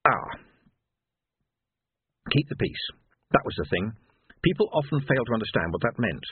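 A man reading a novel aloud as narrator, wry and measured, on a thin, phone-like recording. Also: medium pitch, very animated, breathy edge, dry recording. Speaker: audiobook narrator. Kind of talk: scripted narration. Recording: dry phone-like lo-fi sound.

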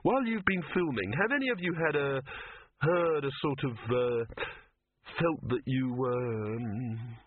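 A man's voice: medium pitch, expressive, a little slow, a little hiss or hum, natural voice. A man reading the part of an unsure young male newcomer, plain and hesitant, on a tinny, phone-like recording. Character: young man, unsure new film extra.

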